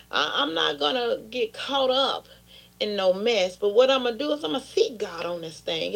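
A woman's voice: fairly high pitch, creaky. A woman pastor preaching an impassioned sermon, often turning into pleading prayer.

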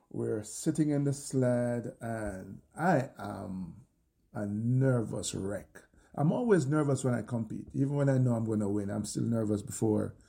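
An older man with a Jamaican accent telling his own story in an interview, animated and acting out his shouts. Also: medium pitch, gravelly. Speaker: interview guest.

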